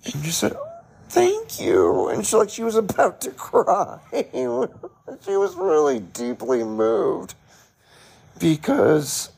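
A man's voice: high voice, sing-song, slow pace, creaky, darkish tone, husky. A man hosting a podcast, casually telling a story in a chatty way, laughing often and restarting his sentences. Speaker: podcast host.

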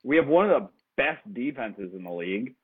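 A man's voice: medium pitch, big pitch swings, normal speed, husky. A man co-hosting a casual sports podcast who talks in a laid-back, casual way and swears freely. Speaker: podcast co-host. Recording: tinny phone-like line.

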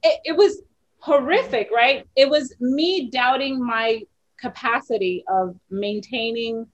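A woman in her thirties hosting a casual talk, sharing frank stories as a mother, animated and quick to laugh. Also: a little high, dull audio. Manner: candid, animated storyteller who laughs easily. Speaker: host. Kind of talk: casual podcast chat.

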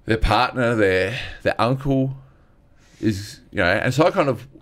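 A young man, a stand-up comedian, talks openly about hard times in an earnest, animated way. His pitch sits in an ordinary middle range, and he slips into quick impressions of the people he met. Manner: earnest, animated retelling with acted-out quotes. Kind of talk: candid conversational storytelling.

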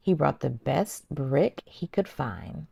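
A woman hosting a children's circle time, gently and expressively reading a storybook aloud to toddlers. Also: low voice, animated, slow, vocal fry, husky, no echo.

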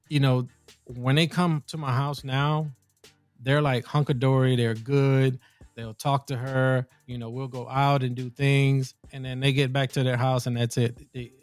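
A male podcast host tells a long personal story in a rambling, casual way. He gets animated when indignant, with a mid-range pitch. The sound is dry and close, and faint music runs behind him. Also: dry recording. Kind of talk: casual conversation.

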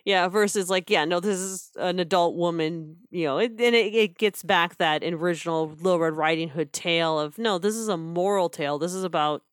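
A woman's voice: lowish voice, a little fast, few pauses, no room sound, studio quality. A woman co-hosting a casual podcast chat, chatty, with frequent laughs and restarts. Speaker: podcast co-host reviewing theater.

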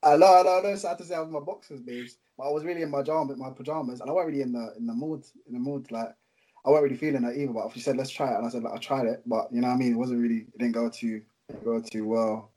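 A man's voice: medium pitch, steady tone, rapid-fire, dark tone. A young man, chatting casually and rambling in slang as a podcast co-host. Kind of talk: casual chat.

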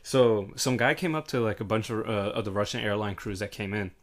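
A young man telling a lively story in casual chat, acting out the people in it and swearing freely. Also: on the low side, a little fast. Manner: animated, acts out quoted voices, swears freely. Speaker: hotel front desk worker.

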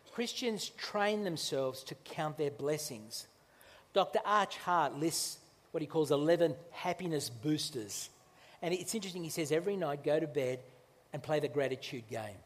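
A man preaches a sermon in a church, his slightly raised voice carrying a long hall reverb. He talks conversationally, stumbling and restarting, then slows down to lean on key phrases. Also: a little high. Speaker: pastor.

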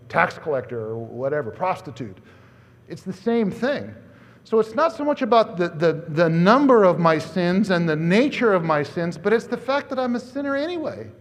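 A man preaching from the pulpit in a lively, conversational manner, pushing his voice up, then dropping it to a hush. His voice sits a little high for a man. A long reverb trails after each phrase, as in a church sanctuary. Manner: animated, conversational preaching with swings from loud to hushed. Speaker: pastor. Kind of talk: sermon.

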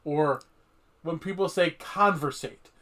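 A man from Michigan co-hosting a podcast, chatting casually with frequent swearing and animated outbursts. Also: a little high, slow pace. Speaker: podcast co-host. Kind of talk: casual chat.

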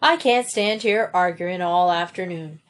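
Brief: bumbling constable, low and deliberate, read by a woman. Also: close to an everyday voice. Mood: exasperated. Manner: slow, blustering authority. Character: slow-witted middle-aged male village constable.

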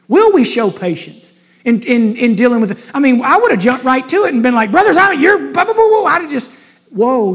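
A man preaching a sermon from scripture in an earnest way, often repeating rhetorical questions. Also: high-pitched. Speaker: pastor. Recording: long reverb of a large hall.

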